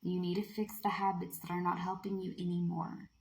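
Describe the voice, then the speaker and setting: A playful, energetic woman talks through a tarot reading in a loose, chatty way. Her voice has a gravelly edge, and she keeps slipping into breathy half-whispers. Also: on the low side, brisk, poor audio. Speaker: tarot card reader. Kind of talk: casual spoken card reading.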